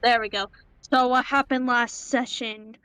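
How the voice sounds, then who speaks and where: A woman tabletop player speaks in a slow, level voice with little pitch movement. She talks casually over a voice call. Faint music sits behind her. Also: fairly even intonation, fairly bright tone, smooth, low-quality recording. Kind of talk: casual game chat.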